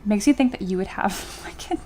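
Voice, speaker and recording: A woman's voice: mid-range voice, fairly quick, darkish tone, a little hiss or hum. A young adult woman livestreaming while she sculpts, chatting casually and giggling as she reads viewer comments aloud. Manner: chatty and giggly, with frequent fillers.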